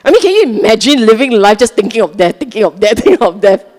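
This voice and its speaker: Her voice is a little high, a little mellow, and very animated, and she talks fast while a long reverb tail fills the large hall. A Singaporean-accented Buddhist dharma speaker, she gives a Sunday talk to a live audience in a chatty, teasing manner, often asking her listeners questions to check in with them.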